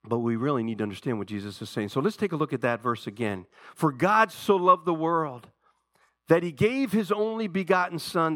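A man preaching a sermon, rising to loud emphatic peaks, then dropping to low quiet asides, repeating phrases for emphasis. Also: no echo, studio quality. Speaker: pastor.

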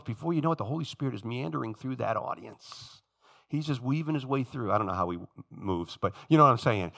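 Brief: male pastor, high bright voice, lively sermon delivery, drops to hushed tones then shouts. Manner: animated, shifts from low hush to shouting; addresses congregation directly, acts out quoted speakers.

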